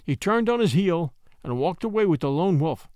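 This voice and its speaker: A man narrating a classic storybook tale in an expressive, acted-out way. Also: high voice, normal speed, no echo, studio quality. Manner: expressive, acts out the voices.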